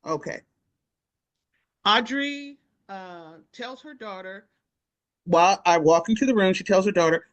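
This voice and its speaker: Woman telling a story deliberately. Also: medium pitch, no room sound. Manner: deliberate, with drawn-out pauses. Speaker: oral history interviewee. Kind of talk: personal storytelling.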